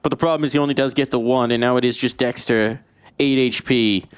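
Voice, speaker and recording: A man doing live play-by-play esports commentary, excitable and quick to jump into fast shouts during big plays. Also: mid-range voice, smooth, no echo.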